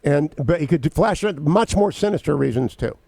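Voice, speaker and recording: A man hosting a political talk radio show, briskly laying out his opinions point by point into a studio mic. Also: fairly high pitch, expressive, gravelly, warm tone, dry recording.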